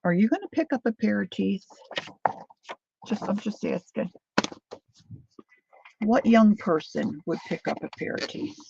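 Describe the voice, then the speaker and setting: A middle-aged woman with a gravelly voice, telling a family story in a chatty, animated way while she crafts. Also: medium pitch, measured pace, long pauses, lo-fi sound, background noise. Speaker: craft vlogger.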